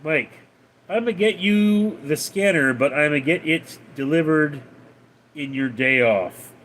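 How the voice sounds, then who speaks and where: A man hosting a casual livestream, reading out viewer messages and replying in a deadpan way. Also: fairly high pitch, slow pace. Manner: reads out viewer names and messages, deadpan replies. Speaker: livestream host reading chat.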